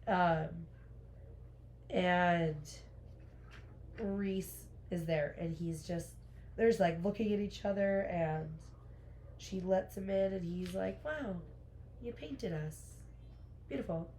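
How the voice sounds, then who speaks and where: A woman's voice: lowish voice, fairly even intonation, slow pace, long pauses, a little mellow, slight background noise. A woman co-hosting a book podcast, retelling the plot casually with fillers and quotes. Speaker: podcast co-host.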